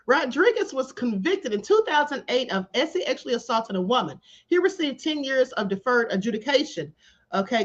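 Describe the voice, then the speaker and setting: A woman hosting a live stream, reading news stories aloud in a chatty way and calling her viewers honey. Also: on the high side. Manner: chatty, calls viewers honey, bursts into laughter. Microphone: home live stream setup. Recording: slightly dull lo-fi stream audio.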